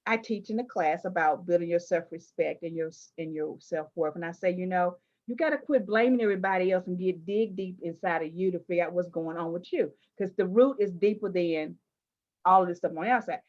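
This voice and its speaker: A woman interviewing a guest, telling personal stories in an animated, emphatic way with playful asides. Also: on the low side, fairly quick, highs cut off. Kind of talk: candid conversational interview.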